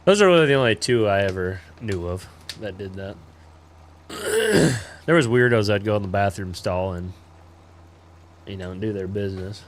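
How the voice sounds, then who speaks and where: A man's voice: lowish voice, expressive, normal speed, slight background noise. A man in his twenties, a livestreamer telling a crude story in laid-back, rambling casual chat full of fillers.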